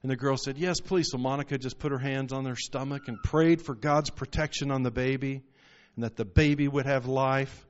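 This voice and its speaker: A man's voice: mid-range voice, steady tone, brisk, hardly any pauses. A man preaching a sermon, telling stories and rising into emphatic bursts. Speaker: pastor. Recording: muffled lo-fi recording.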